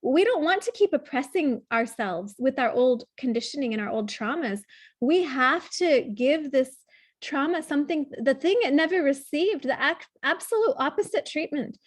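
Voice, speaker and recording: High gentle lady coach talking someone through their feelings, dry close sound. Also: expressive, normal speed, dry recording. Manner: gentle, tender, earnest explaining. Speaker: somatic trauma coach. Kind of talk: one-on-one coaching session.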